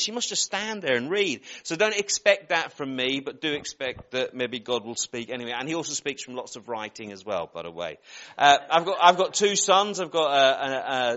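A man in his forties from Northern Ireland with a Northern Irish accent, softened by years in England, giving an informal sermon in a rambling, self-deprecating way full of joking asides. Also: mid-range voice, dull audio. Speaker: preacher.

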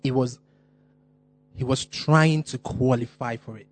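A man preaching a sermon, stressing and repeating key phrases, slowing down on important words. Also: medium pitch, steady tone.

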